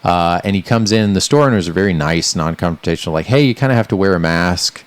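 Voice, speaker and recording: A man's voice: sits low, expressive, quick pace, smooth. A middle-aged man from the American Midwest, co-hosting a podcast and telling a rambling anecdote with lots of fillers and acted-out quotes. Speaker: podcast co-host. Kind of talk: casual storytelling chat.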